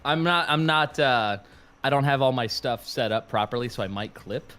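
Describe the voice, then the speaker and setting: A man's voice: mid-range voice, a bit bright. A man guest, a voice actor, chatting casually over a voice call, a little congested and full of fillers and laughs. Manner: easygoing, laughs often, halting fillers. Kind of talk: casual stream chat. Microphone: remote, heard over a voice call.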